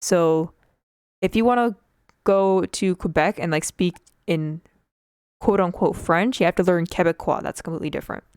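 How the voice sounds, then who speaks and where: A woman's voice: lowish voice, normal speed, darkish tone, smooth, no echo, studio quality. Chatty young woman streaming while drawing. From Canada. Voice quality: slight speech impediment. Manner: chatty, rambling, frequent fillers and laughs. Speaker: Twitch streamer. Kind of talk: casual livestream chat while drawing.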